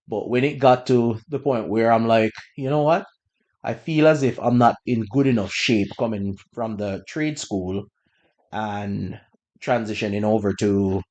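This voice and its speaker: A man hosting a podcast, telling a personal story in a relaxed, conversational way with bursts of laughter. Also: lowish voice. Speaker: podcast host. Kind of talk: casual storytelling.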